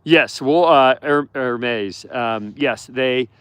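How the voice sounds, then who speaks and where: Drawing out his words, a man with a medium-pitched, fairly bright and clean voice is heard in a dry recording. He tends wolves at a sanctuary and chats casually and affectionately while walking among them outdoors in their enclosure, cooing at the animals and answering viewers live.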